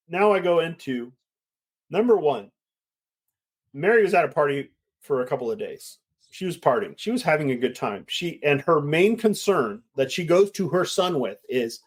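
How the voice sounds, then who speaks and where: A middle-aged man, a winemaker, chatting casually and telling a lively story, acting out the voices of the people in it. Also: mid-range voice. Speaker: winemaker guest. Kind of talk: casual chat.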